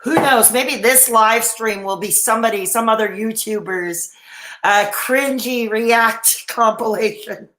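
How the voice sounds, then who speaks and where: A woman's voice: fairly high pitch, measured pace, fairly bright tone, roomy sound. A woman hosting a casual live stream, chatting and answering viewer comments with many fillers and restarts, while she has the hiccups. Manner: rambling, frequent fillers and restarts.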